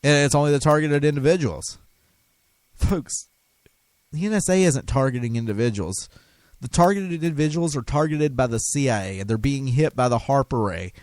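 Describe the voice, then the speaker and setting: A man's voice: mid-range voice, normal speed, a little mellow, dry recording. A man hosting a talk radio show, delivering an impassioned, emphatic monologue with frequent restarts. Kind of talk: conspiracy talk radio rant.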